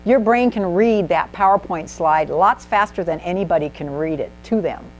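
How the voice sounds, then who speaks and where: A woman with a fairly low voice presents to a small group in a meeting room. She is animated and emphatic and keeps putting questions to the audience. A faint electrical hum sits under her voice. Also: normal speed, poor audio. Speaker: speaker at a speaking club. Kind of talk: instructive presentation.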